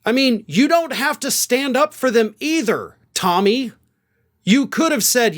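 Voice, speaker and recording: Male commentary host from the American South; high-pitched, sarcastic, animated delivery. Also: measured pace. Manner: sarcastic, animated, rhetorical questions. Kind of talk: political commentary.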